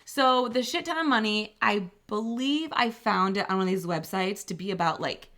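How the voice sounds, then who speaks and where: A woman's voice: mid-range voice, moderate pace, a bit bright. A middle-aged woman co-hosting a podcast, telling a story in casual chat, laughing and acting out the people in it. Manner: chatty, laughing, acts out quoted people. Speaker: podcast co-host.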